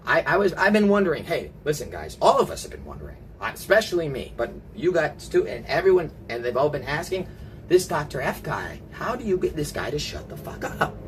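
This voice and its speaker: A man livestreaming from his apartment, rambling through profane, animated stories in casual chat. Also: fairly high pitch, a little fast, slight background noise. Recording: loud music playing under the voice.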